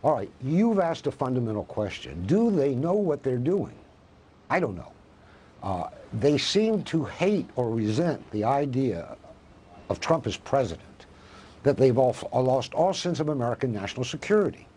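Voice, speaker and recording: Husky, animated male professor guest. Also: mid-range voice, moderate pace. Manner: impassioned, asks rhetorical questions. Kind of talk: live TV news interview.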